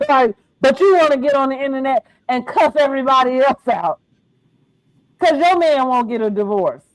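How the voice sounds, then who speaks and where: Brief: middle-aged woman host, high bright voice, slangy animated chat, dry close sound. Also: normal speed, no echo, poor audio. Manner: animated, slangy, laughs often. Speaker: podcast host. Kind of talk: casual reality-TV recap chat.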